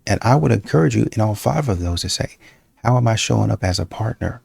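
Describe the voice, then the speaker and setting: A man's voice: lowish voice, animated, quick pace, gravelly, darkish tone, husky, no echo. A man giving blunt, preachy relationship advice straight to his viewers in a casual monologue. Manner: preachy, direct, addresses viewers as y'all. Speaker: dating commentary host.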